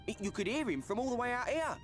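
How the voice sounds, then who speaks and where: A man's voice: very high-pitched, big pitch swings, quick pace, a bit bright, faint music behind, heavily acted. An actor playing a streetwise male informant with a Cockney accent, chatty and full of slang. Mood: wry.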